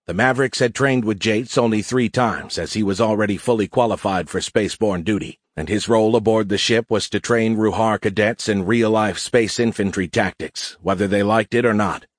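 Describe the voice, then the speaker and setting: A man reading a science fiction audiobook as narrator, in steady, even storytelling. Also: on the low side, moderate pace, hardly any pauses, no room sound, studio quality. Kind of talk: scripted narration.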